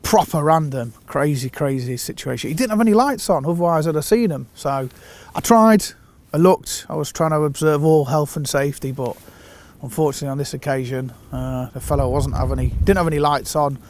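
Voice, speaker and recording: A man telling a fishing anecdote in a casual, animated way, acting out the quotes. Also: fairly high pitch, fairly quick. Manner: animated storyteller who acts out quotes. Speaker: fishing consultant.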